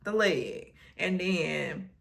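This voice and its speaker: A woman, recapping a TV episode in casual, animated storytelling, acting out the characters' lines. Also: on the low side, extremely slow, creaky. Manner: animated storytelling, acts out quotes. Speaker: recap vlogger.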